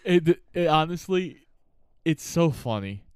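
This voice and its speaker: A man's voice: on the high side, lively intonation, slow, clear, resonant tone, no echo, studio quality. A man co-hosting a casual podcast, recapping a movie with easy laughter and gleeful exclamations. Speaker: podcast co-host.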